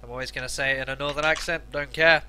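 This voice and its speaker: A man's voice: mid-range voice, fairly even intonation, quick pace, pushed and bright. A man co-casting a live esports match, giving analytical color commentary. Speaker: esports co-caster.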